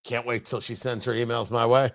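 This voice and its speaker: A man's voice: mid-range voice, little pitch movement, a little fast, gravelly. A man hosting a talk radio show, delivering an opinionated monologue with sarcastic, mocking asides from his studio.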